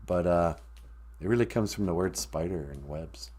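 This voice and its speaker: A man hosting a comedic podcast, talking in a dry, deadpan way and explaining words of the day. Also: sits low, moderate pace. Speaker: podcast host and language teacher.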